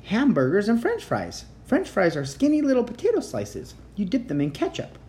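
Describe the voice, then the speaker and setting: A woman's voice: medium pitch, huge pitch swings, normal speed, dark tone, pitched above the performer's own voice. A woman voicing a friendly, easygoing young boy in a storybook read-aloud.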